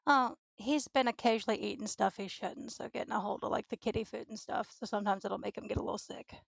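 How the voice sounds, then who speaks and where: A young woman chatting casually at home while studying, cooing baby talk to her dog in a creaky voice. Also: mid-range voice, steady tone, fast talker, no room sound, muffled recording. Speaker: streamer. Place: home room with a desk and green screen.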